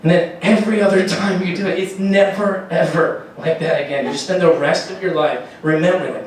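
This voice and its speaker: A man with a slightly high voice performs a rambling, profane stand-up set, laughing at his own jokes as he goes. He sounds set back from the mic, with heavy echo from the room. A faint hum of ambience sits underneath. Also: brisk, hardly any pauses, far from the mic. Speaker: stand-up comedian.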